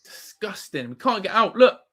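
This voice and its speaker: A man's voice: high-pitched, very animated, moderate pace. A man hosting a live football watch-along, ranting and swearing in exasperation at his team. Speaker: fan channel host.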